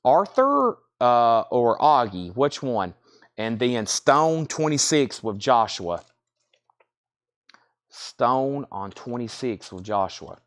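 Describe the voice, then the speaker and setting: A man with a Southern US accent, hosting a live-stream vinyl sale, reading off bids and describing records in a brisk, chatty way. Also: mid-range voice. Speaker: live auction seller.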